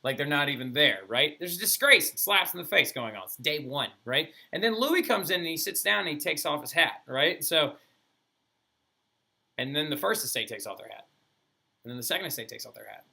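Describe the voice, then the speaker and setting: A male history teacher giving an animated, casual lecture full of playful asides. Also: on the high side, fairly quick, gravelly, breathy edge.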